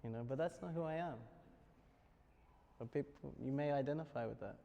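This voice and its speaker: A man's voice: medium pitch, brisk, vocal fry, mellow, muffled recording. Joking Australian man in echoing hall. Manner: joking, chuckles often. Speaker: spiritual speaker. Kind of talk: lecture to students. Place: university lecture hall. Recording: long hall reverb.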